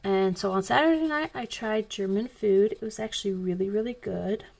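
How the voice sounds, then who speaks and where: A woman with a drawl chats casually while she colors, wandering from one point to the next as she tells a story. Her voice sits in a middle pitch and has a steady crackle of vocal fry. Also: normal speed. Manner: rambling, chatty storytelling. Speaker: coloring channel host.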